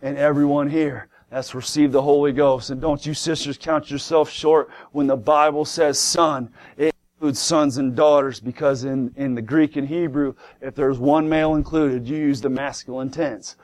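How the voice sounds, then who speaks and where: A man delivers a sermon to his congregation in church. His voice sits a little high, and he preaches emphatically, firing rhetorical questions and hammering key words again and again. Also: fairly even intonation, normal speed, hardly any pauses, darkish tone.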